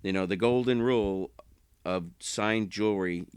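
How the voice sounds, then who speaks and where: A man's voice: lowish voice, measured pace, clean tone, no echo, clean studio sound. A man casually rambling to camera about things he sold online, correcting himself and chuckling as he goes. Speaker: eBay reseller vlogger.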